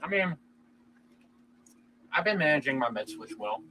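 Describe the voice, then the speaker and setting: A man in a casual vlog giving relaxed, brief replies. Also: on the high side, moderate pace, a little hiss or hum, poor audio.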